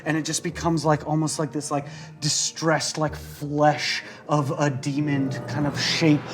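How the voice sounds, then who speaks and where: A man's voice: a little high, monotone, measured pace. A man narrating a tabletop game as game master, in a loose, rambling way full of fillers.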